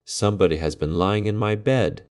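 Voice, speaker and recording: A man voicing a middle-sized bear from a storybook in a plain, even voice. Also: fairly low pitch, normal speed, voice pushed up, close to an everyday voice. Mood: puzzled.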